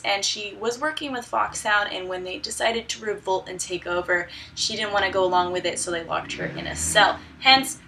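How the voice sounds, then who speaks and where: A woman's voice: mid-range voice, gravelly, bright, forceful tone, slight background noise. A young woman recapping a video game story in a casual, irreverent way, with profane, laughing asides. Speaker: gaming vlogger.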